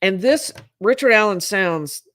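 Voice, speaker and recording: A woman's voice: medium pitch, expressive, a little slow, a bit bright, dry recording. Dry-sounding woman host doing legal commentary. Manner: reads from her notes, then comments thoughtfully. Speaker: lawyer and show host.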